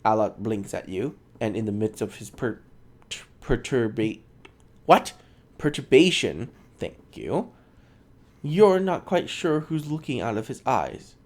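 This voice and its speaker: A man's voice: mid-range voice, very animated, measured pace. A man reading game text aloud in a casual, self-mocking way, sometimes stumbling over words. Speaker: gaming channel host.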